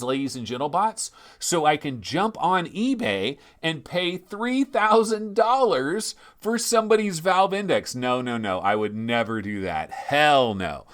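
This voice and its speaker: Animated man rambling on a livestream. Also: medium pitch. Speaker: livestream host. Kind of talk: casual livestream chat.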